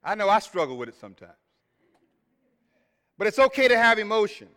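A man preaching an earnest sermon as a pastor, repeating key phrases and loudly acting out the voices he quotes. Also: sits high, sing-song, brisk. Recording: reverberant hall.

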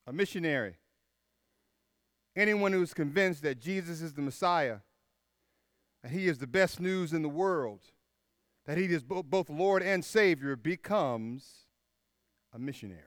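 High, clear-voiced preacher man, emphatic. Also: unhurried, long pauses, no room sound, studio quality. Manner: emphatic, repeats key phrases, drops to a hush on final words. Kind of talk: sermon.

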